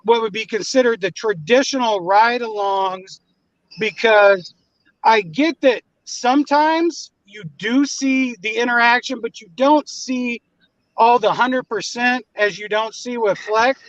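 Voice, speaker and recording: A man on a livestream panel speaks in a high voice, hesitant and stammering as he tries to calm things down. His line is dry and somewhat muffled. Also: measured pace, no room sound. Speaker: panel guest. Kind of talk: casual livestream panel talk.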